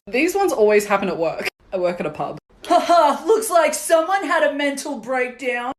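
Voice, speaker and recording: A woman narrating a comedy sketch, putting on exaggerated voices and swinging between shouts and mumbles. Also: high-pitched, big pitch swings, moderate pace, hardly any pauses, slight background noise.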